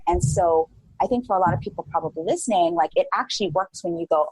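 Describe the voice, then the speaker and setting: Chatty husky woman in her forties. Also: fairly low pitch, fast, rough recording. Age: 40s. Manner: animated, chatty, many "like" fillers, acts out her own past thoughts. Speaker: podcast guest. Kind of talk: casual interview chat.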